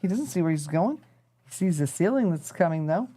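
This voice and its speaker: A woman's voice: fairly low pitch, expressive, brisk, warm tone. A woman hosting a live stream, chatting casually and rambling to her viewers as she thinks aloud while tinkering. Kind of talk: casual chat to a live audience.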